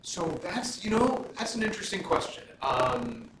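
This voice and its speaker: A man's voice: sits high, big pitch swings, normal speed, fairly bright tone. Middle-aged man chatting in a roomy hall. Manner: conversational, frequent "you know" fillers, anecdotal. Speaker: judge speaking to law students. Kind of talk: casual Q&A talk. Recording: roomy, distant mic, room noise.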